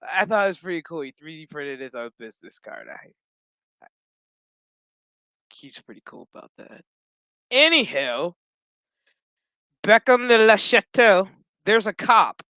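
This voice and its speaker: A man rambles through a casual, swear-filled TV episode recap, cracking jokes as he goes. His voice is bright and crisp. The recording is dry and close. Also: high voice, sing-song, measured pace, pauses often, no room sound, rough recording. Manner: profane, rambling and joking. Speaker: gaming channel host.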